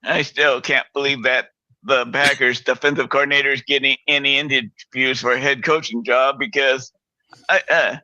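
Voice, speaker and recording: A man's voice: medium pitch, fairly even intonation, moderate pace, pushed and bright, no room sound, dull audio. A man co-hosting a casual sports talk show, blunt and opinionated, stumbling a little as he talks.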